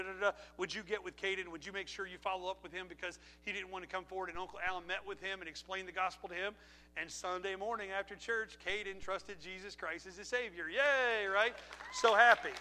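High, bright-voiced preaching pastor. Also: male voice. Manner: animated preaching with laughs and asides. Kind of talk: sermon. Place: church sanctuary. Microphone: handheld or pulpit mic.

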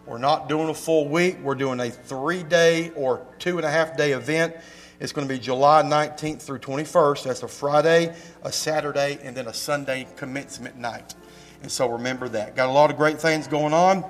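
A man, a pastor giving church announcements and telling a story in a folksy, animated way with emphatic rises, fighting a slight cough. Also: medium pitch. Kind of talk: church announcements and sermon talk. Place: church sanctuary.

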